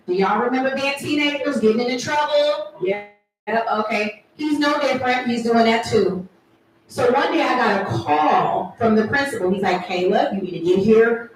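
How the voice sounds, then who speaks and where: A woman's voice: a little high, a little hiss or hum. A woman in her thirties doing a playful stand-up comedy set with teasing crowd work at a live event. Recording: echoey room, from far off.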